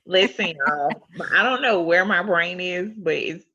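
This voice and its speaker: A young adult woman co-hosting a podcast, chatting playfully and breaking into laughter between quick asides. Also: fairly low pitch, lively intonation, bright, forceful tone, breathy edge, highs cut off. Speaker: podcast co-host. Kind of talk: casual chat.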